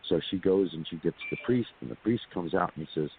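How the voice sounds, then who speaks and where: Brisk and gravelly, his low voice carries lively intonation as this Californian interview guest rambles on about his own experiences, repeating words and speaking to listeners in asides. The phone line sounds tinny and hissy.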